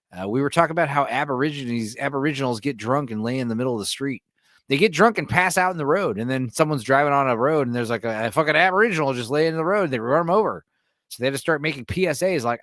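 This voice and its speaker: A man hosting a laid-back late-night livestream, reading viewer messages and going off on rambling, profane tangents. His pitch sits in an ordinary middle range, and he laughs often between thoughts. The recording is dry, with no room sound. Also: fast talker, a bit bright, dry recording. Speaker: livestream host reading chat. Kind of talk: casual late-night stream chat.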